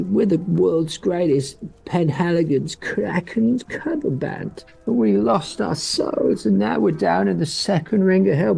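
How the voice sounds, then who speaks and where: A man voicing a rowdy singer of a damned cover band, gravelly and rambling. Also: high voice, darkish tone, full character voice, low-quality recording. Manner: rambling, laughing, stumbling.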